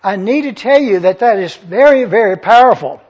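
Emphatic male preacher, high-pitched and husky; lo-fi sermon tape. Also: animated, normal speed, darkish tone. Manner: emphatic, repeats key phrases, asks the audience if they follow. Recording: dull lo-fi sermon recording.

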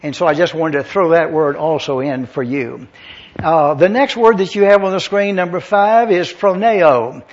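Deliberate male pastor on a dull recording. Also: fairly high pitch. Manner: deliberate, spells out Greek words letter by letter. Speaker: pastor teaching scripture. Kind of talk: evening Bible teaching to a congregation.

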